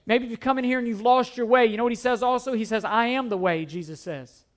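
High-voiced man preaching a sermon. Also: fast talker. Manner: repetitive, emphatic preaching with scripture quotes. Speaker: pastor.

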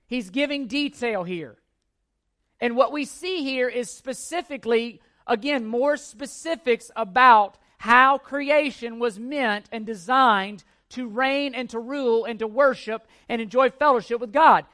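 Speaking a little slowly in a very high, pushed, bright voice, a male pastor preaches a teaching sermon. He comes across as earnest and emphatic, circling back to key points and asking his audience rhetorical questions.

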